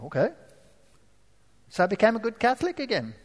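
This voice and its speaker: A man giving a dramatic testimony to an audience, moving from quiet asides to forceful outbursts. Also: high-pitched, wildly swooping pitch, brisk, in a large hall. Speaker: former professor giving a testimony.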